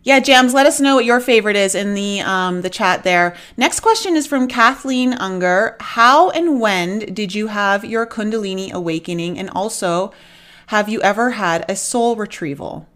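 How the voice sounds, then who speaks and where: A woman's voice: medium pitch, animated, moderate pace, a bit bright. A woman hosting a live-streamed interview, friendly and affirming, reading out viewers' questions and comments.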